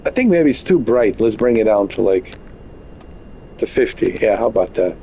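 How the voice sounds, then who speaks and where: A man's voice: on the low side, sing-song, moderate pace, mellow, a little hiss or hum, poor audio. A man giving casual, joking live commentary on a flight game from his bedroom, full of exaggerated mock complaints. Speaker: game streamer. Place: bedroom at home.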